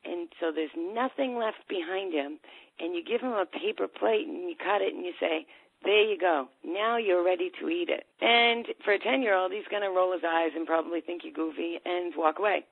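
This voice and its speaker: Gravelly woman on a tinny phone line. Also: on the low side, moderate pace, dry recording. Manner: storytelling, acts out voices in a lively way. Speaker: ADHD coach. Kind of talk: talk on a call. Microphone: phone or call line.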